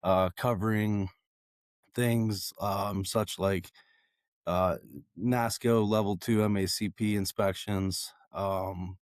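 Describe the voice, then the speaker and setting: A man with a raspy, hoarse voice that sounds worn from talking all day. He speaks slowly and haltingly, full of fillers, at a fairly low pitch. The sound is dry and close. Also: fairly even intonation, no room sound. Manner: halting, many fillers and restarts. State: hoarse, losing his voice. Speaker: guest. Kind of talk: casual conversation.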